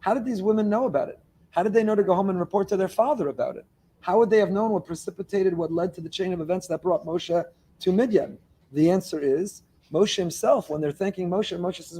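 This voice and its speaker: Rabbi teaching torah, emphatic storytelling, kinda husky, high-ish voice. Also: male voice, a little fast, warm tone. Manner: emphatic storytelling, stressing words one by one. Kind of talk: Torah lecture.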